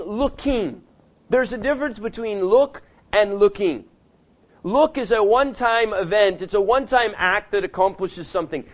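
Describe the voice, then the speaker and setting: A man with a high voice preaches a sermon, jumping from loud outbursts to near-murmurs. He acts out the voices of the people he quotes. The recording sounds dull and lo-fi. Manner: preaching with sudden loud rises and quiet drops. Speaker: pastor.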